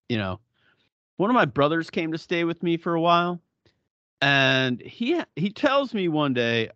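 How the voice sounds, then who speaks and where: A man's voice: fairly high pitch, big pitch swings, a little slow, sharp tone, no room sound, lo-fi sound. A middle-aged man co-hosting a podcast in casual chat, blunt and profane, often laughing. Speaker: podcast co-host.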